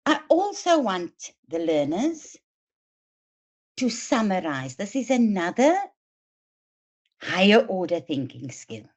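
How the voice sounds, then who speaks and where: A woman presenting a teacher training webinar, explaining and demonstrating read-aloud techniques in a deliberate, emphatic way. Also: mid-range voice, very animated. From South Africa. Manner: slow, deliberate, emphatic delivery addressing teachers. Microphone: online webinar mic. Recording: dull lo-fi webinar audio.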